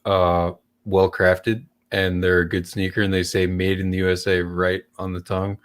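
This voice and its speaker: A man's voice: sits low, little pitch movement, moderate pace. A man in casual chat, blunt and sarcastic, swearing freely.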